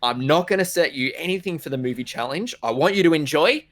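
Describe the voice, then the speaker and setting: A man's voice: a little high, lively intonation, fast talker, a bit bright, dry recording, studio quality. A man co-hosting a film podcast, chatting casually and rattling off playful plugs for the show. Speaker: podcast co-host.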